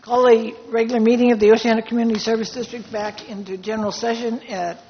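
A woman's voice: on the high side, flat delivery. Board president, woman, businesslike, keeps things moving; reverberant room, faint hiss. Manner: brisk, businesslike chairing. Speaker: board president chairing a public meeting. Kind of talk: formal meeting procedure. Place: public board meeting room. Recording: echoey hall, dull lo-fi sound, faint noise.

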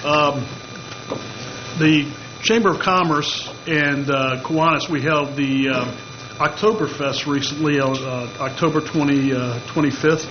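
Man, community announcements, friendly, frequent fillers, higher voice, muffled audio, humming background. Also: fairly even intonation, unhurried. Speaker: chamber of commerce representative. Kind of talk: community announcements at a public meeting. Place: public meeting room. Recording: muffled meeting audio with clear hum.

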